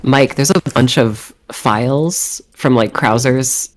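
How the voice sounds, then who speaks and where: Chatty laughing woman, unhurried. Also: extremely low pitch. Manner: chatty, laughing often, rambling. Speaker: co-streamer. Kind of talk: casual chat.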